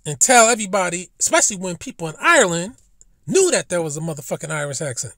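A man's voice: fairly high pitch, sing-song, fast talker, bright, forceful tone, no echo, studio quality. A man giving a casual commentary monologue as a vlogger, profane and emphatic, with indignant rhetorical questions.

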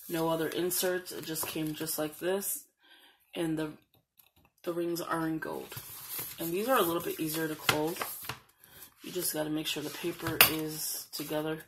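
A woman's voice: low-pitched, slight background noise, low-quality recording. A woman casually showing a planner on her channel, reading the printed slogans aloud as she flips through the pages. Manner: chatty, reads printed slogans aloud while flipping pages. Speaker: planner vlogger. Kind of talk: casual show-and-tell.

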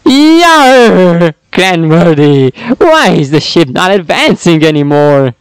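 A man's voice: a little high, big pitch swings, slow pace, clean tone, no room sound, exaggerated voice, low-quality recording. A man voicing a bossy male pirate zombie captain in a growling pirate voice. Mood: blustering.

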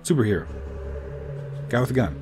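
A man's voice: mid-range voice, animated, a little fast, warm tone, faint music behind. A man giving casual, joking commentary while playing a video game. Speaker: let's play host. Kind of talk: gameplay commentary.

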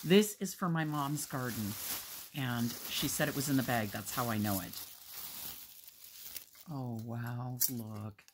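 A middle-aged woman, stuffy from allergies, chatting casually and gushing warmly while opening a gift at home. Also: rumbling low, slow, pauses often, background noise. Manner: gushing, affectionate. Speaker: crafting vlogger. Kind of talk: casual unboxing chat.

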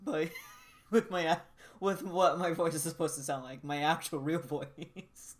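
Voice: mid-range voice, steady tone, unhurried. A vlogger talking casually about their own voice, self-mocking, swearing lightly and laughing between words. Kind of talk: casual self-recorded monologue.

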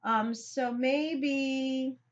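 A woman's voice: high-pitched, steady tone, very slow, dull audio. A woman teacher giving a recorded grammar lesson, thinking aloud and talking straight to her students.

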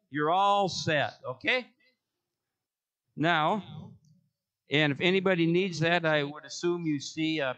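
A man's voice: high-pitched, bright, forceful tone. Joking man giving church announcements. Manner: joking, rambling, self-correcting. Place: church sanctuary.

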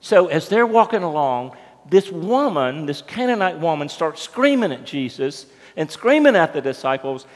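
A man's voice: on the high side, very animated, moderate pace. A man preaching a sermon as pastor, telling the story conversationally and putting questions to the congregation. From United States. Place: church sanctuary. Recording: long church reverb.

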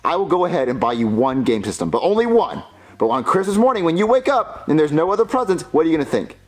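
Frazzled, scolding father, played by a man; quick, high, animated delivery. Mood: exasperated. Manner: flustered, scolding.

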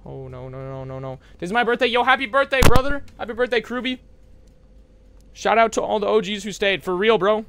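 A young man from America streaming a horror game live, shouting bursts of hype and muttering asides to chat. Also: sits high, animated, a little fast, creaky, clean tone.

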